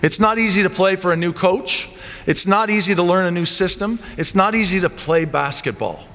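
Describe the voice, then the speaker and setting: Man, basketball coach, assembly speech, animated storytelling, fairly high voice, long church reverb. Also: moderate pace.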